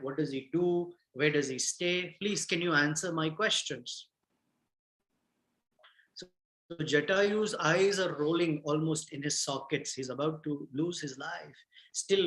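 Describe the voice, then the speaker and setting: A man retelling a scripture story in a class, gentle and halting, with many fillers and restarts. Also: a little high, roomy sound, poor audio. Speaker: storyteller teacher.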